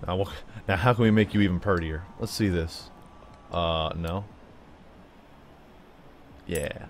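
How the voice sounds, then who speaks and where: A man's voice: a little slow, slight background noise. A man giving playful, chatty gameplay commentary, talking to his car and his viewers. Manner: playful, chatty, talks to the car and viewers, jumps into high silly tones. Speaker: gaming YouTuber.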